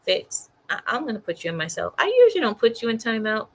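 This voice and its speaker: A woman's voice: fairly high pitch, very animated, quick pace, hardly any pauses, fairly bright tone, rough recording. A woman reacting to the news as a commentator, exasperated and mocking, often repeating herself. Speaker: political commentator.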